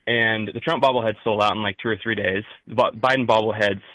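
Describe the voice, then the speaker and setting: A young man with a Midwestern accent, calling in to a talk show and speaking in a halting way full of fillers and restarts. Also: fairly low pitch, fairly even intonation, fairly bright tone, no room sound, rough recording. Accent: Midwestern American. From rural Midwest. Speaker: caller. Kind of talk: call-in talk show conversation.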